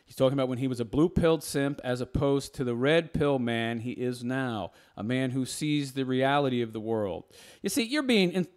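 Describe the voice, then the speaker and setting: In an argumentative commentary, a man works through a rebuttal point by point, explaining things like a lecturer. His smooth, clear voice sits at a middling pitch, and he sounds animated while keeping a moderate pace.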